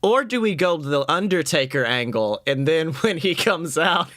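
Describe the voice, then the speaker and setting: A young man co-hosting a podcast, excitable and swearing, laughing often through casual banter. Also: a little high, moderate pace. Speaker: podcast co-host.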